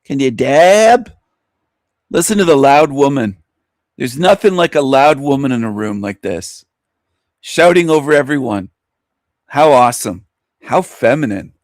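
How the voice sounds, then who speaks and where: A man's voice: medium pitch, lively intonation, normal speed, long pauses, no echo, studio quality. A man hosting a show, mocking a video he is watching in a scornful, insulting rant. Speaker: host reacting to a video. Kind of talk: mocking live commentary.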